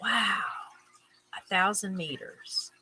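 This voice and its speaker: Woman, host, bright forceful voice, casual read-aloud, stumbles on names, musing asides. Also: mid-range voice, takes it slowly, slightly rough, low-quality recording. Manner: reads items aloud, trips over names, adds chatty musing asides. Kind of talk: casual livestream chat, reading aloud.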